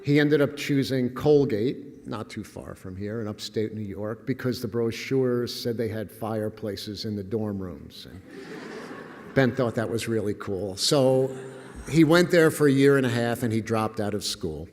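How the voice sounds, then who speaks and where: A man's voice: lowish voice, a little slow, a little mellow. Wry older man in a lecture hall. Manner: wry, self-deprecating, with chuckles. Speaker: guest speaker. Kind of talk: humorous storytelling lecture.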